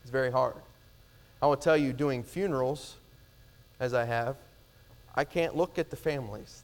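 A middle-aged male pastor preaching a sermon with emphatic swings from loud declarations to hushed words. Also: medium pitch.

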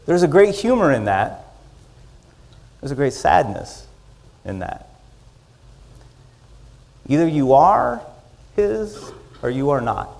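A man preaching a sermon. He swings from loud, rising lines down to soft, quiet endings. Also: a little high, sing-song, slow pace, creaky, long pauses. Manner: dynamic, rising loud in the story and dropping to soft closings. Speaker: pastor.

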